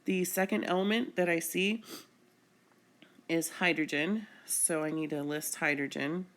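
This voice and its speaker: A woman's voice: low voice, steady tone, a little slow. A woman chemistry teacher explaining a screencast lesson patiently, step by step.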